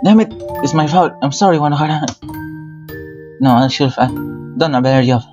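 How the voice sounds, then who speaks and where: A man's voice: on the high side, brisk, lightly acted. A man voicing an anguished, loyal male shark familiar in a game, with earnest, urgent reassurance. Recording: dull, with game music behind.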